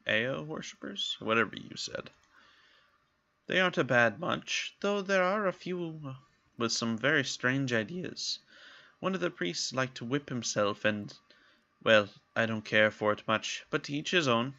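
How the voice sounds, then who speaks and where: A man's voice: sits high, very animated, fairly quick, husky, no echo, muffled recording, pitched above the performer's own voice, exaggerated voice. A man voicing a dry-witted woman merchant who talks with a lilting cadence. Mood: chatty. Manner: teasing, wry.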